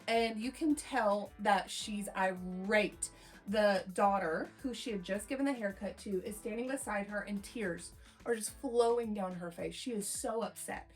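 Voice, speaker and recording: A woman's voice: medium pitch, measured pace, soft background music. Chatty rambling woman telling a salon story. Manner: rambling, chatty, acts out quotes in lively voices. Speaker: hairstylist storyteller. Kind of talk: casual storytime vlog.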